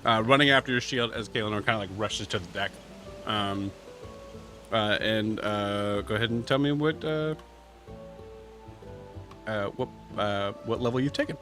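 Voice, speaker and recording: Male game master, bright edge to the voice, rambling narration full of ums. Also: lowish voice, faint music behind. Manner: halting, many fillers and restarts.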